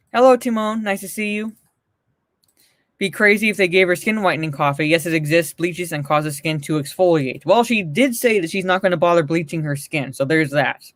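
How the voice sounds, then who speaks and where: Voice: mid-range voice, no room sound. A livestream host giving blunt, profane, mocking commentary and answering chat messages.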